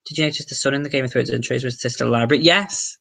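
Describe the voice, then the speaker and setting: A young Englishman chats through a casual livestream, answering viewers' questions with excitable energy. His voice is sharp and bright with a gravelly rasp underneath, and he swears casually as he talks. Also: mid-range voice, quick pace. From England. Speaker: livestream host.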